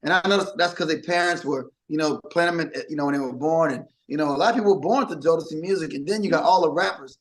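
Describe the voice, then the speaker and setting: A man's voice: a little high, fast talker, hardly any pauses, rough recording. A middle-aged man, a musician being interviewed, telling stories in casual chat and acting out quotes. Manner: animated storyteller, acts out quotes. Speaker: musician guest.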